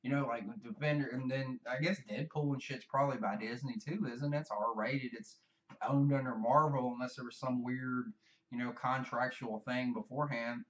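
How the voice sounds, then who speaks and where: A man's voice: medium pitch, steady tone, normal speed, far from the mic. Brief: Southern US guy, meandering, cursing, self-deprecating vlog ramble, muffled and set back from the mic. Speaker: vlogger. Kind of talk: rambling casual monologue.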